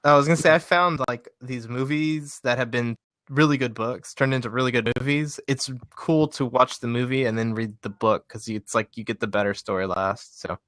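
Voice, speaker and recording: A man's voice: medium pitch, fairly even intonation, a little fast, hardly any pauses, fairly bright tone, no echo, clean studio sound. A man co-hosting a podcast in casual chat, laid-back and self-deprecating, often laughing. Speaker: podcast co-host.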